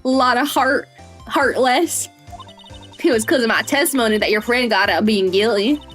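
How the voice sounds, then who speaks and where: A woman's voice: fairly high pitch, moderate pace, a bit bright, faint music behind, lightly acted. A woman voicing a cocky, brash Southern woman photographer with a folksy drawl, reading game dialogue aloud. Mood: sassy. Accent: American Southern. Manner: folksy drawl, bold and teasing.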